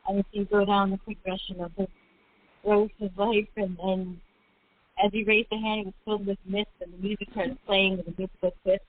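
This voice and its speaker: A woman's voice: mid-range voice, level tone, brisk. A woman co-hosting an online poetry radio show, chatting and giving friendly praise. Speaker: co-host. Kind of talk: casual radio chat. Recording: tinny phone line.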